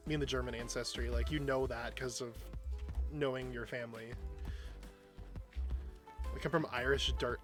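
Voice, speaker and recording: A man's voice: mid-range voice, fairly bright tone. A man streamer chatting casually while he plays, rambling and self-deprecating. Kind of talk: casual chat while gaming.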